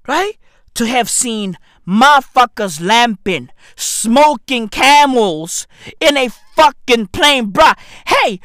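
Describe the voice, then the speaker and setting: A man in his thirties rants to camera in a brash, profane comedic style. His pitch swings all over the place and he breaks into sudden shouts. He speaks at an unhurried pace, and the sound is close and dry. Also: no echo. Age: 30s. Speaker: vlogger.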